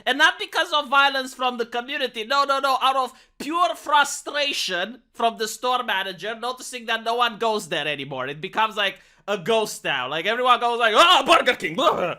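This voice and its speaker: A man's voice: very high-pitched, normal speed, few pauses, bright, forceful tone, smooth. A man from Romania, who rants sarcastically in a casual vlog. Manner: sarcastic, ranting. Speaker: vlogger. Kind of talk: casual opinion rant.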